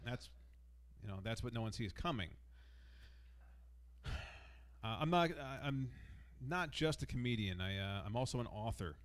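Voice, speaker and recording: A man's voice: medium pitch, expressive, a little slow, long pauses. A male stand-up comic doing a set with a dry, self-mocking delivery.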